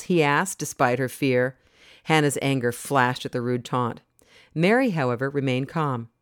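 A reader narrating an audiobook story in an even, measured way. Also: medium pitch, no room sound, studio quality.

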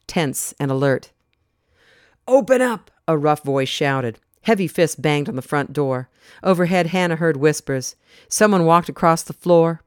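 A reader narrating an audiobook story in an even, measured way. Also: mid-range voice, smooth, dry recording, studio quality.

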